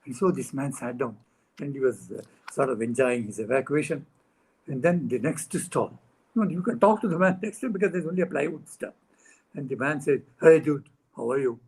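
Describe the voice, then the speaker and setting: Husky man telling a story. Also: mid-range voice, a little fast, low-quality recording. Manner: animated anecdote telling with chuckles and acted-out dialogue. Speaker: guest speaker. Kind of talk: storytelling talk. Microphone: video call.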